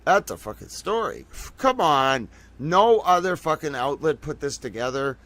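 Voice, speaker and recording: A man hosting a late-night livestream, tired from a long day, talking in an excitable, rambling, profane way to his viewers. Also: on the high side, moderate pace, dry recording. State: tired from being up all day. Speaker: livestream host.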